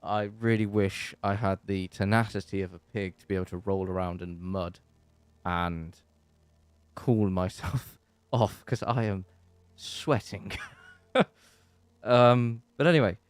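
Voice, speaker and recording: The English-accented channel host talks at a measured pace on the low side, pausing often, his tone clear and resonant without echo. He's hot and sweaty, chatting loosely in his live-stream Q&A from the bedroom with many fillers and restarts.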